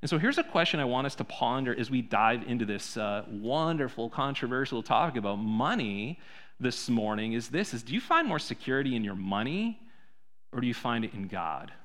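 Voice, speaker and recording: A man preaching a sermon in a church, conversational, full of rhetorical questions, swinging between soft and loud. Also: mid-range voice, expressive, brisk. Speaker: pastor.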